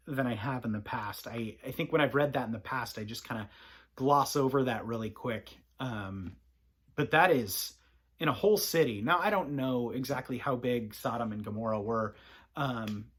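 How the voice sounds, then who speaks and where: A father giving a gentle, reflective bedtime Bible reading and talk to his child. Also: medium pitch, slightly rough. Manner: soft-spoken, gentle, reflective.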